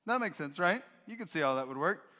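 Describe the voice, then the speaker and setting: A male pastor delivering a sermon with a bright, forceful tone, pitched a bit above the usual man's voice. He preaches expressively and leans into the quoted voices for emphasis. His voice rings with a long reverb from the church sanctuary. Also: animated, a little fast.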